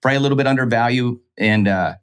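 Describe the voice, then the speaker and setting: Fast-talking man telling a deal story. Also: medium pitch, clean tone. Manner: animated, acts out quoted dialogue. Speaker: real estate investor guest. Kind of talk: casual storytelling.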